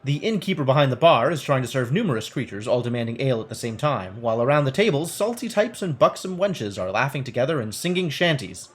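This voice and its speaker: A man's voice: mid-range voice, big pitch swings, fast talker, hardly any pauses. A male game streamer reading a text game aloud and thinking through it, playful and wry, with casual commentary.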